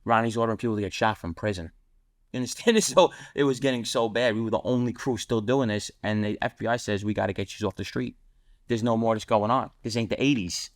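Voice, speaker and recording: In a dry, studio-quality recording, a man with a lowish voice trades blunt street stories as a podcast guest. He talks fast and voices the people in his tales through quotes.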